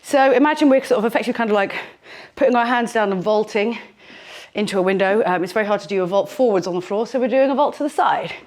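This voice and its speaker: A woman's voice: mid-range voice, fast talker, a little mellow. A woman leading a home workout, chatty and playful, poking fun at herself as she demonstrates moves in a small room. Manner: chatty, self-deprecating, playful. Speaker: fitness instructor. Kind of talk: casual workout instruction. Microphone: handheld microphone.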